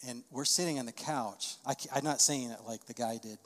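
Speaking fairly quickly at a normal middle pitch, a middle-aged pastor delivers a sermon built around storytelling. He rises to loud, emphatic peaks to press his points, his words echoing with the long reverb of a big church sanctuary.

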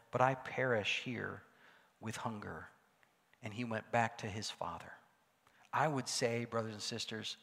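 A male pastor preaching a sermon, swinging from loud calls to hushed asides. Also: medium pitch. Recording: long hall reverb.

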